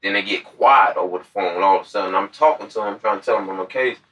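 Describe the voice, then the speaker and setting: A man in his twenties casually telling a story about his past, animated and acting out what others said. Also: fairly low pitch, quick pace. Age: 20s. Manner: animated storyteller who acts out quoted voices. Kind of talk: casual chat. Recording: distant from the mic.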